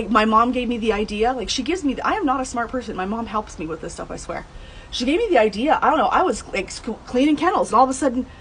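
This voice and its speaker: A woman in her thirties or older, telling her own story in a blunt, heated way, swearing and breaking into high outbursts. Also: fairly bright tone, a little hiss or hum, poor audio. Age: adult, over 30. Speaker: true crime vlogger telling her mother's case. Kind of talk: emotional first-person storytelling.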